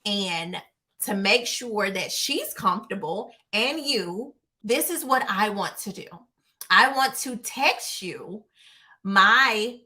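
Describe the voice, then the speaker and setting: A bold, pushy young man, as a woman storyteller puts him on presses his case in a hurried, insistent rush. The voice stays bright and close to an ordinary middle pitch. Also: heavily acted.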